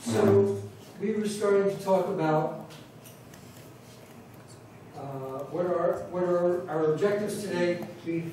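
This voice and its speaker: A high, mellow male voice comes from a pronunciation teacher from New York City giving a conference talk in a large, echoey hall, with faint music behind him. His manner is conversational, with repeats and restarts, and he deliberately speaks up. Faint noise reaches the distant mic.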